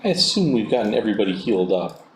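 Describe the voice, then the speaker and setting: A man's voice: fairly low pitch, big pitch swings, very fast. A man playing a tabletop game, speaking politely and explaining game rules. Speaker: player. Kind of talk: tabletop play. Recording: echoey room recording with clear background noise.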